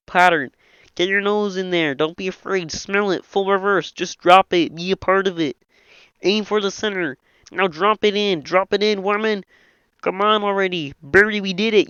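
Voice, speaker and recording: A man's voice: high voice, steady tone, moderate pace, clean tone, dry recording. A man doing an impression of a nasal puppet frog, reading every part of a film script in that one voice. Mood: frantic. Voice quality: nasal, bright and reedy. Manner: voices all the film's characters in one frog voice. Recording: dull, lo-fi, dry home mic.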